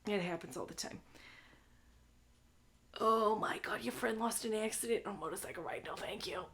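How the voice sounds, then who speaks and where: A young woman hosts a live movie stream, chatting casually and crudely with her audience and ending lines with "all right?" Her voice is medium in pitch and a bit bright, at a moderate pace.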